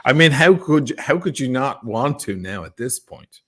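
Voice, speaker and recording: A man's voice: mid-range voice, very animated, moderate pace, a bit bright. A man on a livestream panel, blunt and combative, swearing as he talks. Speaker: panel guest. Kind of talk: casual livestream chat.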